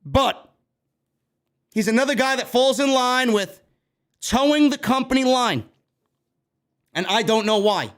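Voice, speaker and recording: A man's voice: very high voice, measured pace, long pauses. A man from New York hosting a wrestling news show, ranting heatedly with a lot of swearing. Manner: animated, heated, heavy swearing. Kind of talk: profane ranting commentary.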